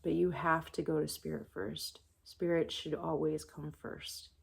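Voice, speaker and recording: Spiritual reader: woman, slow and meditative, low voice with a gravelly edge. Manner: calm, soft-spoken and meditative. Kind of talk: channeled spiritual message.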